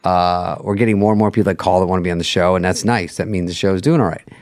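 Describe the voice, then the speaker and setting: A man's voice: low-pitched, fast talker. A middle-aged man on a podcast, chatting casually and acting out quotes as he tells stories. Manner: animated storytelling, acts out quotes. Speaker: late-night host, guest.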